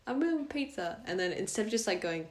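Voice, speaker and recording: A young woman co-hosting a podcast in casual chat, playful and quick to laugh. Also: mid-range voice, expressive, slight background noise. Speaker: podcast co-host.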